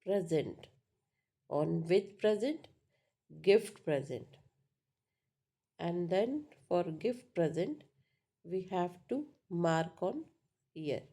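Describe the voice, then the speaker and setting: An English teacher explains pronunciation slowly, classroom-style, patiently repeating points with frequent "uh" and check-ins of "right?" Her voice is on the low side and mellow, with lively intonation, drawn-out words and frequent pauses.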